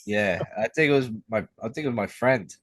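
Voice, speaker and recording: A man's voice: mid-range voice, brisk, fairly bright tone, dry recording. A man co-hosting a casual podcast, joking around, laughing often and swearing freely. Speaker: podcast co-host.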